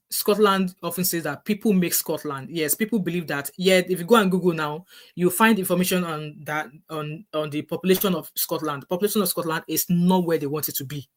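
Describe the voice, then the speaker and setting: A middle-aged woman with a Nigerian English accent, vlogging casual advice earnestly and often restarting her sentences. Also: on the low side. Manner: earnest, repetitive, with frequent restarts.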